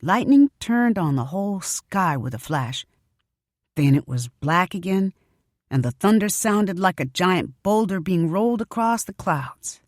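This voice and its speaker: Woman, audiobook narration, low voice, dry close sound, expressive storytelling. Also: unhurried, no room sound. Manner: expressive first-person storytelling.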